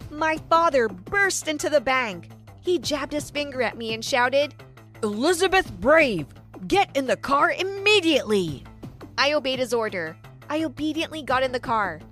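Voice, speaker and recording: A woman with a high, light voice tells a first-person story with dramatic storytelling flair. Soft music plays faintly under her narration, keeping a steady podcast feel.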